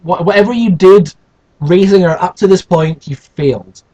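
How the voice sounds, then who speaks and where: A man's voice: high voice, moderate pace, warm tone, highs cut off. A man reading a children's story aloud and breaking off for sarcastic, rambling asides. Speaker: host reading a children's book.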